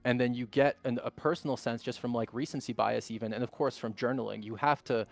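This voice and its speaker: A man's voice: mid-range voice, fairly even intonation, fast talker, creaky. Blunt, plain-spoken man on a stream. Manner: candid and blunt, swears freely. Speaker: guest trader. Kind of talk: casual chat on a live stream.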